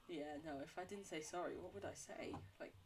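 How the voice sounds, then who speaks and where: A woman's voice: fairly low pitch, noisy background. A woman livestreaming a game, rambling and chatting with her viewers, laughing often and joking about herself. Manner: responds to chat between game talk. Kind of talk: casual gameplay chat with viewers.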